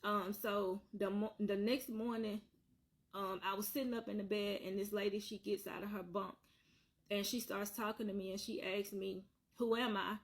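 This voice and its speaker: A woman's voice: medium pitch, little pitch movement, normal speed. Earnest woman retelling a hard story. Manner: repetitive, earnest, circling back on points. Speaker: vlogger telling her own story. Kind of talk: emotional personal storytelling.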